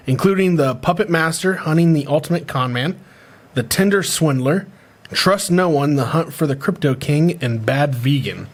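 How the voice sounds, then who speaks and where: A man hosting a casual podcast, reading out news items and stumbling over names. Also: on the high side. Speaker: podcast host.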